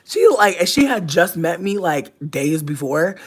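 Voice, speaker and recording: A young adult livestreamer chatting casually with viewers, telling profane stories with sudden loud, high outbursts and soft, near-whispered asides. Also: lively intonation, a little slow. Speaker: livestreamer reading chat.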